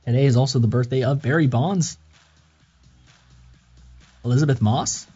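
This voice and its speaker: A man's voice: mid-range voice, normal speed, mellow, husky. A man hosting a live call-in radio segment, upbeat and chatty. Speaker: radio host. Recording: muffled lo-fi broadcast with faint music.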